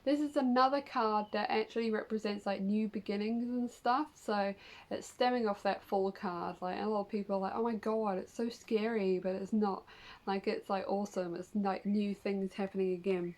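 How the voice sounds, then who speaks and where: A woman's voice: medium pitch, steady tone, moderate pace, a little mellow, poor audio. A woman giving a casual tarot reading to her viewers, chatty and upbeat, with lots of fillers as she explains each card. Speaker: tarot reader.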